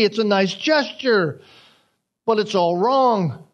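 High-voiced man preaching, animated. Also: slow. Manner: animated, acts out the crowd's reactions. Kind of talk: expository sermon.

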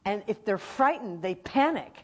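A woman's voice: mid-range voice, lively intonation, normal speed. A middle-aged woman teaching from the Bible, telling stories with energy and acting out animals and friends.

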